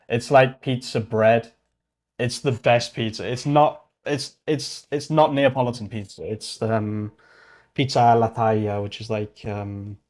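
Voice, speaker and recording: A British man with a somewhat low voice talks casually on a livestream. He rambles and thinks aloud, often stopping to correct himself or trail off into mutters. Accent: British English. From Britain.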